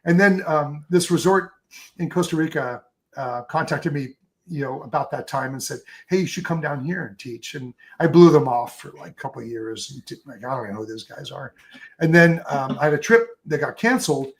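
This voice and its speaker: A man in a relaxed interview, rambling happily through his stories with plenty of ums and restarts. His voice sits on the higher side for a man. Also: moderate pace. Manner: enthusiastic, rambling storyteller with many fillers. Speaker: photographer guest. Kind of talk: casual interview chat.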